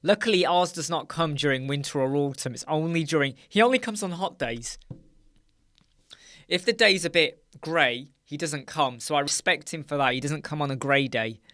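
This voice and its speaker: A man's voice: on the high side, normal speed, fairly bright tone, dry recording. Casting note: male host, chatty and jokey, very dry close sound. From United Kingdom. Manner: chatty, jokey, reads viewer comments aloud and laughs often. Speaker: host of a live chat. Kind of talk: casual live-stream chat. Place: dark room with soundproof panels.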